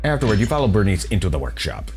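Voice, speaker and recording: Man, low voice, animated pitch, playful game playthrough commentary, faint music behind. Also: fast. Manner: playful, repeats phrases and laughs. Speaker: gameplay streamer.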